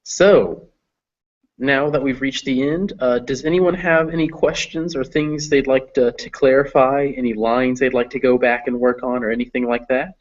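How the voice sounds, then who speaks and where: A man's voice: medium pitch, fairly even intonation, moderate pace, highs cut off. A man tutoring a student in reading English, explaining patiently with many fillers. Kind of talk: one-on-one reading lesson.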